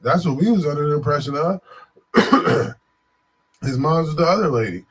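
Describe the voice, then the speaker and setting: A man from Buffalo, New York, tells a story casually with a voice a little higher than most men's. He rambles and loops back on himself, leaning on frequent fillers. His delivery is loose and animated. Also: moderate pace, breathy edge. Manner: animated, digressive, frequent "you know what I'm saying" fillers.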